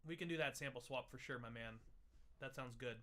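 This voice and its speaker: Young guy hosting a whisky stream, bright tone, jokey and loose. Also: medium pitch, brisk. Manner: playful, jokey, breaks into laughs. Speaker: livestream host. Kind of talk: casual tasting livestream chat.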